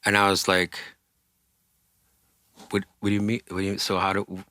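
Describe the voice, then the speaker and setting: A man's voice: low-pitched, monotone, moderate pace, sharp tone, no echo. A man, a singer and interview guest, telling a story casually, acting out quoted voices and swearing freely.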